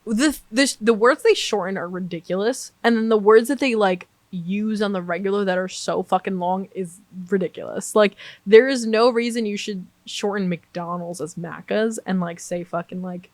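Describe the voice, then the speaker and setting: A woman's voice: medium pitch, moderate pace, hardly any pauses, no room sound. A young woman with an American accent, a podcast guest in casual chat, talking animatedly with a lot of swearing and acting out what people said. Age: young adult. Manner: animated, swears constantly, acts out quoted exchanges.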